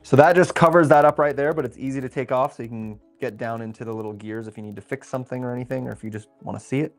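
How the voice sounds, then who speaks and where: A young man runs a relaxed livestream, chatting easily while he builds. His voice sits in an ordinary middle pitch. He mutters to himself over the pieces, then reads out viewer questions and answers them. Soft music plays quietly underneath. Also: very fast. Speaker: livestream host building a LEGO set. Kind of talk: casual livestream chat.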